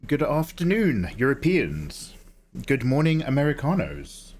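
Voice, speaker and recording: A man's voice: mid-range voice, big pitch swings, moderate pace, pauses often. A young man hosting a drawing livestream, chatting casually and rambling between jokes. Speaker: livestream artist host.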